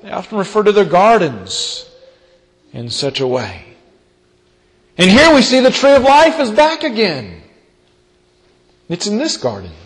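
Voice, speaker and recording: A man preaching a sermon, reading scripture and retelling it with dramatic storytelling and big swings in pitch and loudness. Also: huge pitch swings, a little slow, pauses often. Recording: long hall reverb.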